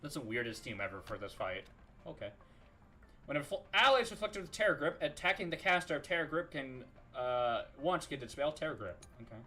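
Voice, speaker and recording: A man's voice: on the high side, very animated, a little fast, bright, forceful tone. A man casually commenting on a game as he plays, blunt, profane and joking. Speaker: streamer reacting to a game.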